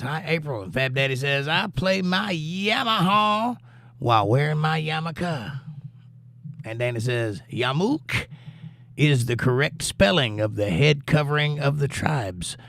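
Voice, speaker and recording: A man's voice: mid-range voice, vocal fry, fairly bright tone, no echo, clean studio sound. A male livestream host and musician, reading out viewer comments and answering them in a casual, laid-back way.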